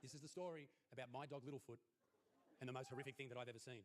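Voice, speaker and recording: A young Australian man performing a stand-up comedy routine in a crude, mock-earnest way, his voice jumping high on the punchlines. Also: steady tone, very fast, a little hiss or hum. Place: comedy stage.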